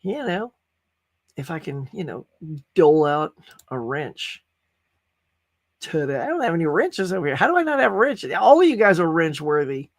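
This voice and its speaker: A middle-aged man chats on his home livestream, laughing often and restarting his sentences as he rambles. His voice sits high for a man. The sound is dry and close, with no room echo. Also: very animated, normal speed, long pauses. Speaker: livestream podcast host. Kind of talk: casual chat with live chat. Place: home studio room with toys.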